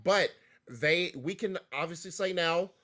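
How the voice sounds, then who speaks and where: A man's voice: a little high, unhurried, pushed and bright. A man co-hosting a casual gaming podcast, talking things through in long, winding sentences. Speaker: podcast co-host.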